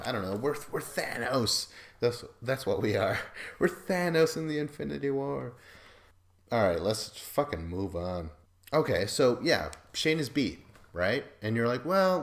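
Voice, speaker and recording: A man hosting a podcast, recapping a reality show in a loose, profane, joking way, full of fillers and quoted asides. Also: mid-range voice. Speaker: podcast host. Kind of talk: casual recap chat.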